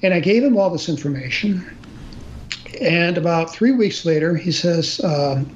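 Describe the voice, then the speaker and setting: A man's voice: a little high, expressive, moderate pace. An older man telling a personal story in conversation, plain and earnest, often restarting and using fillers. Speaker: guest storyteller. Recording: slightly dull audio with faint noise.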